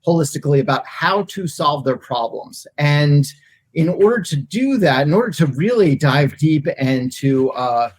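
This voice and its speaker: Middle-aged male guest, thoughtful and halting, somewhat raised pitch. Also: expressive, slight background noise. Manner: thoughtful, hesitant, many fillers and restarts. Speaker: guest, agency CEO. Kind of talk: casual interview answers.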